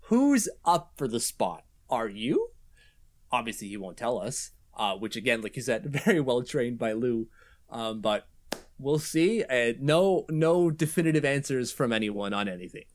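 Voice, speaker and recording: A man's voice: medium pitch, sing-song, unhurried. A man co-hosting a casual hockey podcast, talking loosely and laughing often. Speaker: podcast co-host.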